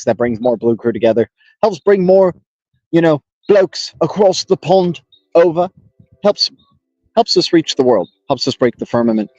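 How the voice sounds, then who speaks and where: A man's voice: mid-range voice, a little mellow, no room sound. A man hosting a casual crypto livestream, rambling upbeat and greeting viewers by name, on an external mic plugged into a phone. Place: home setup in Los Angeles. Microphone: external mic on a phone stream. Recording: dull lo-fi phone stream with music.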